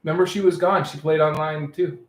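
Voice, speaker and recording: A man co-hosting a casual podcast, an animated storyteller who acts out the people he quotes. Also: a little high, fairly quick. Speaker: podcast co-host. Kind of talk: casual chat. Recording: echoey room with faint ambience.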